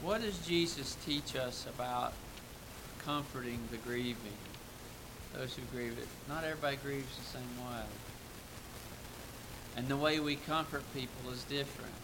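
A man preaching a sermon with earnest emphasis, rising for key points and dropping soft and reflective between them. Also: mid-range voice, moderate pace, noisy background.

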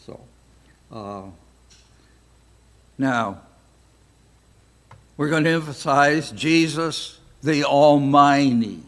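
An older American man teaching a Bible study class, speaking slowly and deliberately with frequent pauses. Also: on the high side. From United States. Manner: slow, deliberate, pausing often.

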